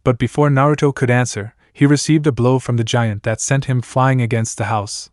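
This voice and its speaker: Brief: male narrator, even fan-story reading, mid pitch, dry close sound. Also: normal speed, dry recording.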